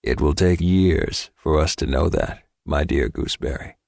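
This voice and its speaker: A man's voice: very deep voice, moderate pace, gravelly, darkish tone, dry recording, studio quality, pitched below the performer's own voice. A man voicing Marchant, a frightened, timid boy, in an audiobook reading. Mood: subdued. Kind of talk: audiobook character voice.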